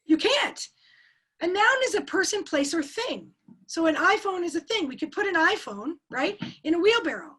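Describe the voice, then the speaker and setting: Brief: high-pitched woman coach, lively and quizzing, over a webcam call. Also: normal speed. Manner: energetic, asks the audience questions and repeats key words. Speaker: speaker at an online coaching forum. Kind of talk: interactive webinar teaching.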